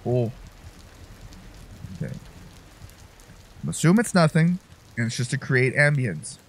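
A man's voice: mid-range voice, animated, slow. A young man doing casual gameplay commentary, jokey and profane, breaking into sudden yelps. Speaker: let's-play gamer.

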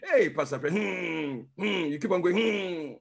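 A man's voice: high-pitched, expressive, measured pace, gravelly, exaggerated voice. A man voicing a doubting male churchgoer who hesitantly questions the pastor. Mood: skeptical. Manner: hesitant, murmuring.

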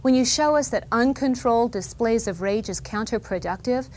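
A woman's voice: a little high, moderate pace, a little mellow, slight background noise. A woman hosting a show, delivering a playful comic monologue that speaks for children to their parents, with sarcastic quips and asides. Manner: quips with asides and short laughs. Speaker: TV show host. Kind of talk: comic monologue spoken to the camera.

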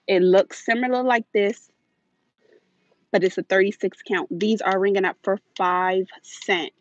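A woman livestreams from inside a big store, chatting to her viewers in a hurried, friendly rush and sounding a little out of breath. Her voice comes through a handheld phone with dull, muffled audio and very little room echo. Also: medium pitch, steady tone. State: slightly out of breath. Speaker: deal-hunting vlog host. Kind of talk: live shopping stream. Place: inside a large retail store.

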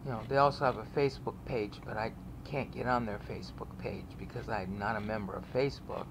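A woman with a rumbling low, fairly even voice talks briskly over background noise while walking viewers through online resources on screen. Her casual walkthrough rambles, repeats itself, and is peppered with "okay?"

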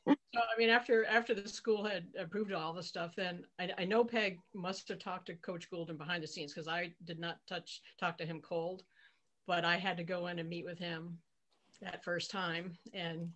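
Low-voiced woman in her sixties reminiscing. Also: fairly even intonation. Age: 60s. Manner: measured, with frequent restarts. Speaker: former athlete guest. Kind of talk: reminiscing on a video call.

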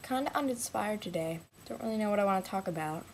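A woman vlogging casually to the camera, chatty and self-mocking, jumping between hushed asides and excited bursts. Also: medium pitch, fast talker. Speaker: vlogger in a shared channel. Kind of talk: casual vlog chat to the camera.

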